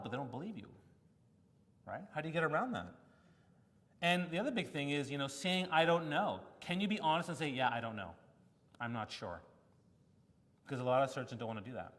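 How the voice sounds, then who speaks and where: A man giving a conference talk, telling stories in an animated way and acting out quotes from the people in them. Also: on the high side, quick pace. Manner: animated storytelling with acted-out quotes. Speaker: keynote speaker. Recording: long hall reverb.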